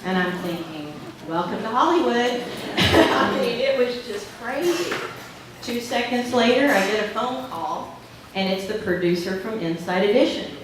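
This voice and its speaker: Woman keynote speaker, lively storyteller, recorded from far off in a roomy hall. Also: mid-range voice, unhurried, background noise. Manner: lively anecdotal storytelling with laughs. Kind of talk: storytelling speech to an audience. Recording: echoey hall from far off with dish clatter.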